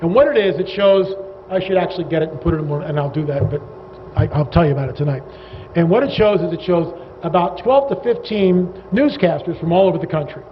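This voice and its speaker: Animated man, high voice, lecturing a crowd in a big reverberant hall, sarcastic and rambling. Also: quick pace. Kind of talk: lecture to a live audience. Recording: dull reverberant hall recording with faint noise.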